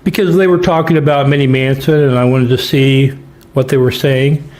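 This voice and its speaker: A man's voice: mid-range voice, steady tone, moderate pace, darkish tone. A man hosting a livestream, mocking a clip with sarcastic, profane commentary. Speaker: host.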